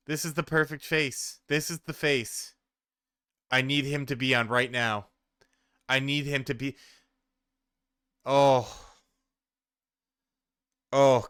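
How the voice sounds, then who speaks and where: A man's voice: medium pitch, bright, forceful tone, clear, resonant tone, dry recording, studio quality. A man in his forties doing reaction commentary, ranting in exasperation with plenty of profanity. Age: 40s. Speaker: commentary streamer.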